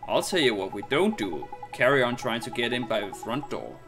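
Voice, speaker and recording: A man's voice: mid-range voice, sing-song, moderate pace. A man voicing a chatty, blunt male fairy sidekick, talking in brash, slangy bursts over game music. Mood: puzzled.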